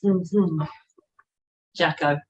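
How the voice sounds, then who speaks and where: A woman's voice: on the low side, extremely slow, far from the mic, muffled recording. A woman co-hosting a live chat stream, bubbly and greeting viewers by name. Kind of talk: casual chat.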